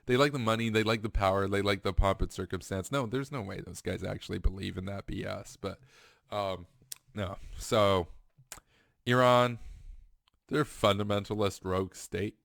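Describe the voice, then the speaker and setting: A man's voice: on the low side, normal speed, vocal fry, fairly bright tone, no room sound, studio quality. A man giving a heated, repetitive political commentary monologue. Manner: emphatic, ranting, repetitive.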